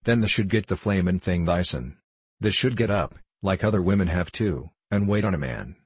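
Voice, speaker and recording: A man's voice: deep voice, moderate pace, breathy edge, no room sound. A man voicing a drunken middle-aged coal-miner husband who stammers and uses broad northern dialect words. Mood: blustering.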